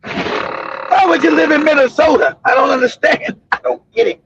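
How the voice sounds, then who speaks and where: Loud laughing high-voiced man. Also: moderate pace, no room sound, dull audio. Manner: loud, laughing, swearing storyteller. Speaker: livestream host. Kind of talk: casual profane commentary.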